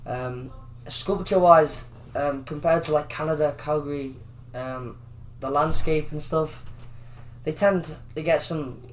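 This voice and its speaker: A man's voice: fairly high pitch, steady tone, measured pace. A young man from Liverpool with a Scouse accent, a guest chatting casually and rambling with lots of "like". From Liverpool, England. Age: young adult. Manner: rambling, heavy use of "like". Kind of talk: casual interview chat.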